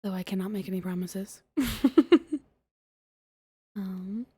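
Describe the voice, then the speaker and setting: Young woman whispering asmr book reading, soft and hesitant, dry close sound. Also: medium pitch, fairly even intonation, takes it slowly, husky, no echo. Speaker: streamer reading a book aloud.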